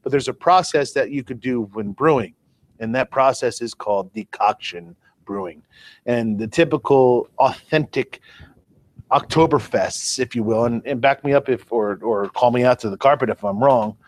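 A man co-hosting a relaxed podcast talks through ideas with homely comparisons and an easygoing, self-deprecating manner. His voice sits at a middling pitch for a man. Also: normal speed, no echo. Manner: explains with everyday comparisons, chatty and self-deprecating. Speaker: podcast co-host. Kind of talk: casual chat.

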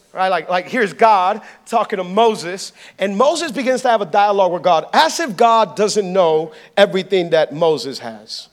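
A male pastor delivering an energetic, playful sermon, calling out to the congregation. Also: sits high. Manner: energetic, playful preaching with audience call-outs.

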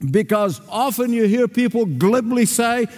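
A man's voice: very high voice, unhurried, a little mellow. An older man preaching a sermon as pastor, emphatic and repetitive, calling out to the congregation for responses. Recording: reverberant hall.

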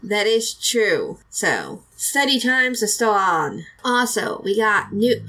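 A woman's voice: mid-range voice, sing-song, slow pace, fairly bright tone, poor audio. A woman hosting a casual podcast, chatty and giggly, rambling through an episode recap with plenty of fillers. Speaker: podcast host.

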